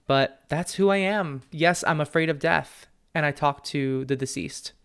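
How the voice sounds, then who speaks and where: A young man hosting a solo podcast from home, talking candidly and earnestly, often with a soft laugh. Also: on the high side, measured pace, clean tone. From family from Peru. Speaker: podcast host, psychic medium. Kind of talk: reflective solo podcast talk. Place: at home with his dog.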